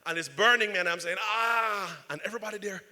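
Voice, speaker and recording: Brief: male pastor, fairly high, bright voice, animated storytelling sermon, reverberant church hall. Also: racing. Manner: animated, repeats "right?".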